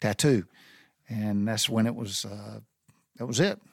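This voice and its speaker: A man's voice: fairly low pitch, unhurried, gravelly, no echo, clean studio sound. A man with a Southern US accent, a Navy veteran rambling casually through sailor slang with many restarts. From Southern United States. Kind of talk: casual spoken monologue.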